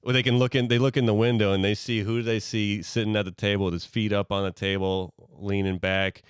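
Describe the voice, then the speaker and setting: A man co-hosting a podcast, telling a comedy story in a lively way with a lot of laughing. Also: fairly low pitch, a little fast, clear, resonant tone, dry recording, clean studio sound. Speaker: podcast co-host. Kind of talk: casual comedic chat.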